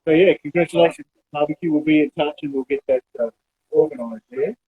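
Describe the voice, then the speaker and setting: A man's voice: a little high, fast. A man co-hosting a live barbecue stream, chatting and laughing easily while he cooks. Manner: chatty, laughs often, talks while cooking. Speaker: co-host of a live barbecue show. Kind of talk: casual live-stream chat. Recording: thin phone-like audio with faint noise.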